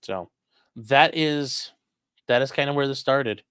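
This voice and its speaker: A man's voice: medium pitch, slow, a bit bright, clean tone, dry recording. Blunt, profane man hosting a livestream. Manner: blunt, profane, rambling with many fillers. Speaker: livestream host reading chat. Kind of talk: casual livestream commentary.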